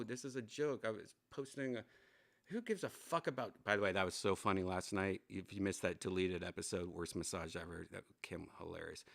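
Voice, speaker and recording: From his home studio, a man hosts his own show as a rambling, casual livestream, swearing a lot and poking fun at himself. His voice is fairly low and gravelly, with a bit of brightness.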